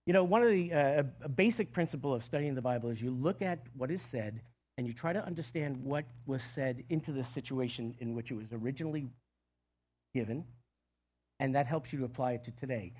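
A man with a husky, slightly breathy voice delivers a sermon at a middle pitch. He talks conversationally and with energy, often restarting phrases as he explains the scripture. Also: fairly quick, a little mellow. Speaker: pastor.

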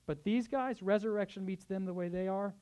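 A man preaching a sermon as pastor, swinging between soft, tender passages and loud, urgent exhortation, with conversational asides. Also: high-pitched, a little fast, clean tone. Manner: acts out quoted speech in conversational asides.

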